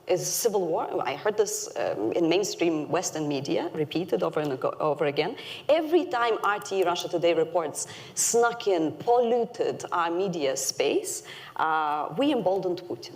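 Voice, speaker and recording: A woman's voice: fairly low pitch, expressive, normal speed, darkish tone. A woman speaking on a panel, making an earnest, emphatic case and stressing key words. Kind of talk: prepared panel talk.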